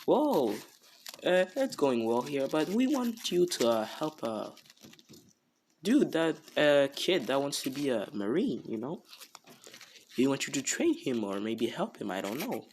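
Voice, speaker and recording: Friendly young hero calling his brother, loud and keyed up, played by a man. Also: medium pitch, unhurried, slight background noise. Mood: excited. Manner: excited, loud, filler-heavy.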